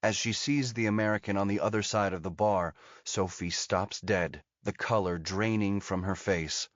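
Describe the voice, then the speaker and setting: A male audiobook narrator with a lowish voice, reading in a steady, measured way. The sound is dull and lo-fi, with a dead, dry feel and no room echo. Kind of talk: scripted narration.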